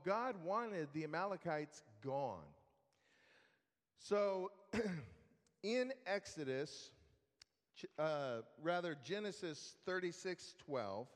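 A man teaching a Bible study lesson in a relaxed, conversational way, with fillers and restarts. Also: a little high, long reverb tail.

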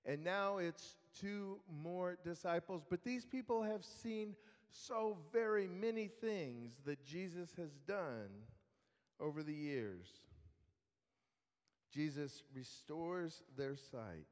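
Slow-talking male preacher in a reverberant hall. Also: high-pitched, animated. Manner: conversational storytelling. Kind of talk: sermon.

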